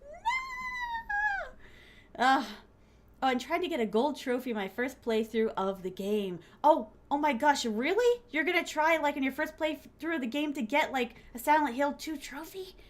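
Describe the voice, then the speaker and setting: A woman's voice: sits high, animated, moderate pace. A young adult woman from Florida, chatting playfully with viewers on a stream and laughing often. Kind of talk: casual chat with viewers.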